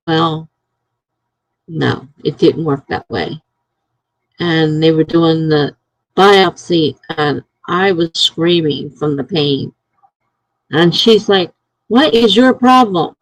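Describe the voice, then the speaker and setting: A woman's voice: deep voice, slow pace, pauses often, no room sound, poor audio. A middle-aged woman live streaming from home, chatting casually and telling stories, acting out what other people said. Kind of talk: casual chat.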